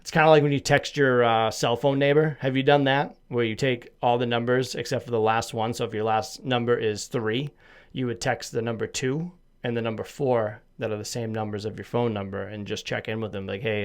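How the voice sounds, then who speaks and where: A man's voice: medium pitch, fairly even intonation, a little fast, smooth. A man from Massachusetts hosting a solo podcast, chatting casually in a rambling, self-deprecating, jokey way with a slight lisp. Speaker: podcast host.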